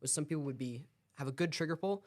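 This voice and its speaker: A man's voice: a little high, quick pace, a little mellow. A young man, a cadet co-hosting a podcast, who talks things through in a thoughtful way and uses plenty of fillers. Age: young adult. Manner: thoughtful, explaining with frequent fillers. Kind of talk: casual podcast chat.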